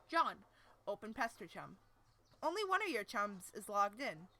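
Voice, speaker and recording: Bright woman reading a webcomic aloud. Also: mid-range voice, big pitch swings, takes it slowly. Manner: casual, self-deprecating asides, stumbles over words. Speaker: streamer.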